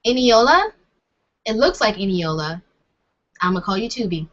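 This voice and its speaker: A woman's voice: mid-range voice, very animated, normal speed, a bit bright. A young woman answering viewer comments in a casual, rambling, self-deprecating chat. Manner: chatty and rambling, self-deprecating, laughs often. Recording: dull lo-fi sound.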